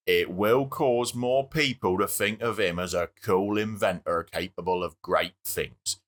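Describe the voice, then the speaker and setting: Brief: a self-important actor delivering dire warnings, played by a man, low and forceful. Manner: self-important, keeps repeating his own name. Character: pompous actor who delivers warnings from the moon.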